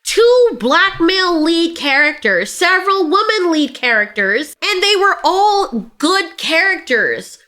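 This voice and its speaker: A high, bright woman's voice ranting in animated reaction commentary. She is blunt and sarcastic and swears freely, breaking into laughter now and then between her points. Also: slow pace, few pauses. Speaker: reaction streamer.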